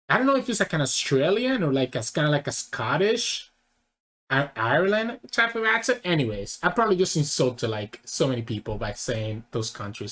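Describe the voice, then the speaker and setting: Lively, rambling male video host. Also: fairly high pitch. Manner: rambling, corrects himself mid-thought. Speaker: channel host. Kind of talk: casual reaction commentary.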